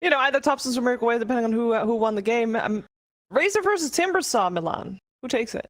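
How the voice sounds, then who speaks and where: Woman, esports host, brisk, quick talker, higher voice, hands off to casters. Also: animated. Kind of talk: hosting a broadcast desk.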